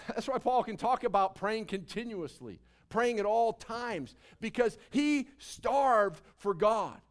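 A male pastor preaching a sermon, swinging from soft asides to loud emphasis. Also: high-pitched, expressive, slow.

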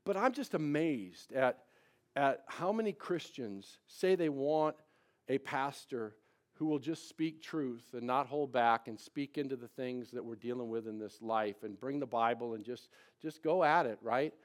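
Preaching live in church to his congregation, this man speaks at medium pitch and a little slowly. His sermon moves between loud emphasis and quiet confidences, with frequent restarts and repeated words.

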